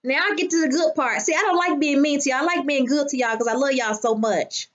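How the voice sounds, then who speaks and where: A woman's voice: sits high, fast, muffled recording. A woman hosting a casual live stream, brash and profane, greeting her viewers by name. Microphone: phone.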